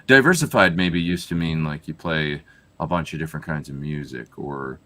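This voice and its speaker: Very deep-voiced Canadian man, rambling. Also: normal speed, pushed and bright. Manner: rambling, trails off with many fillers. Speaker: guest musician. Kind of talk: casual chat on a live video call.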